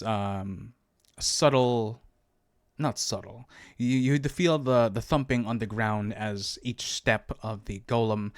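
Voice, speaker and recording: A man narrating as game master of a tabletop game, relaxed and halting, with many fillers. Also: fairly low pitch, no room sound, studio quality.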